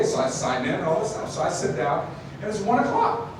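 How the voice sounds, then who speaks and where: A man telling a story to an audience, animated, acting out the people in it with laughs. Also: on the high side, fast. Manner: animated, acts out quoted voices with laughs. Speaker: speaker telling a business lesson story. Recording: distant mic in a very echoey room with noise.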